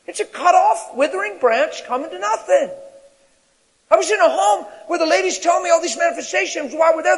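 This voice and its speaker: A man preaching a sermon in an animated way, rising to shouts at his peaks. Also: extremely high pitch. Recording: long reverb of a large hall.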